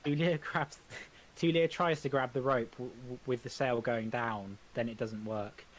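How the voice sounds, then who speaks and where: A man reading stage directions aloud in an amateur script reading, halting often and restarting words. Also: mid-range voice, fairly even intonation.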